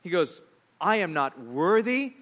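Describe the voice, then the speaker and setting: A pastor preaching with a high voice for a man. He tells stories in an animated way, with quick asides, and moves between jokes and earnest points. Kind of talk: sermon with personal stories.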